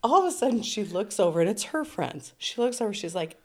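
A woman's voice: medium pitch, sing-song, a little fast. A middle-aged woman telling a long personal story in casual chat. She laughs often, swears freely and acts out the people in it. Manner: acts out other people's voices in quotes. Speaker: storytelling guest.

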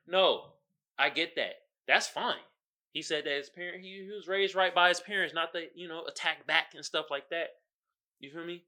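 Young male podcast host, high and sharp-toned, slangy and excitable, swings from mumbling to shouting. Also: normal speed. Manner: animated, swings from mutters to loud outbursts; heavy slang and fillers, quotes others in character. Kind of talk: casual commentary.

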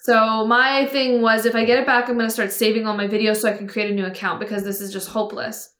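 A woman's voice: on the high side, fast. Echoey-voiced woman telling a story. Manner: animated storytelling, quoting others in voices. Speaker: guest telling her story. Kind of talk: casual podcast chat.

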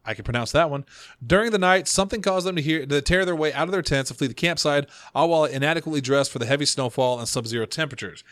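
A man's voice: fairly high pitch, fairly bright tone, no room sound. Chatty man hosting a casual podcast. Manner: chatty storyteller, reads notes, quick asides. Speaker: podcast host.

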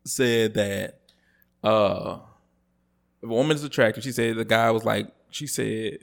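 Guy going off on a podcast, casual chat that builds to a loud rant. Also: lowish voice, unhurried, creaky, long pauses. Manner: animated, rises to loud ranting when worked up. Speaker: podcast co-host.

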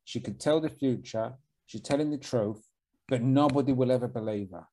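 A man's voice: medium pitch, normal speed, warm tone, a little hiss or hum. A young man with a Cockney accent, co-hosting a podcast in blunt, sweary, mumbly casual chat. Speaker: podcast co-host.

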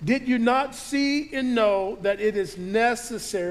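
A man's voice: very high voice, a little slow. A man preaching to his congregation, reading scripture aloud and riffing on it with frequent restarts. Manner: reads scripture aloud and riffs on it, with many restarts. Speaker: pastor. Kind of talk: sermon.

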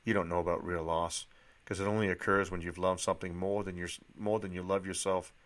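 A man voicing a world-weary middle-aged male psychiatrist with a put-on Boston accent, delivering an earnest, measured monologue. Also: sits low, level tone, fairly bright tone.

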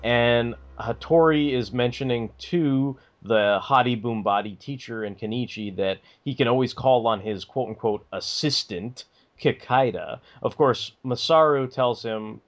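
A man's voice: mid-range voice, measured pace, dull audio. A man co-hosting a podcast, chatting casually in a rambling way with lots of fillers and swearing. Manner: rambling, filler-heavy, profane. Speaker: podcast co-host. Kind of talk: casual chat.

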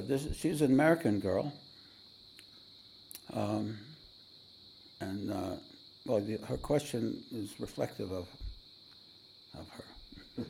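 Mellow, gravelly spiritual teacher. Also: male voice, medium pitch, a little hiss or hum. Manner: rambling, frequent throat-clearing and fillers. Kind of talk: storytelling talk to a meditation audience.

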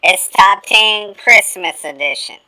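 A woman's voice: mid-range voice, slow, sharp tone, no room sound, low-quality recording. A woman presenting a scripted top-ten segment on a podcast in an upbeat way. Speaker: segment co-host. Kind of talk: read countdown segment.

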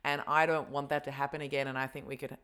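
Woman host w a low voice talking frankly about her relationships. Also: fast, clean tone. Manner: frank, animated storyteller. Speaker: podcast host. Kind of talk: casual chat.

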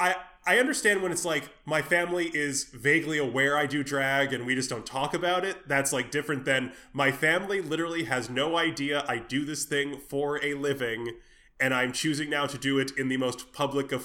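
A man co-hosts a podcast in relaxed chat, with a wry, articulate delivery and dry humor. His voice is bright and a little sharp. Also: fairly high pitch. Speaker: podcast co-host. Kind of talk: casual chat.

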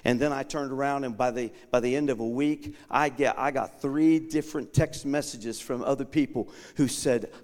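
A man preaching a sermon as a guest bishop, telling a personal story with acted-out dialogue that swings from quiet asides to shouted proclamation. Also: medium pitch, steady tone, normal speed, hardly any pauses. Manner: dramatic storytelling, acting out dialogue. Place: church sanctuary. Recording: long reverb of a large sanctuary.

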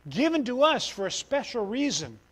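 A middle-aged man with a high, light voice preaches to a church congregation. He is animated and storytelling, jumping from near-shouted outbursts to hushed, soft-spoken moments. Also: moderate pace, poor audio. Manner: animated, swings from loud outbursts to quiet. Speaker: missionary preacher. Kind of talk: sermon.

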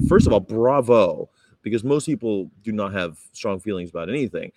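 A man's voice: medium pitch, dark tone, husky, dry recording. A man from California vlogging casually about his street activism, rambling and acting out his run-ins. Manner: rambling storyteller, acts out confrontations in raised voices. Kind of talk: casual talking-to-camera vlog.

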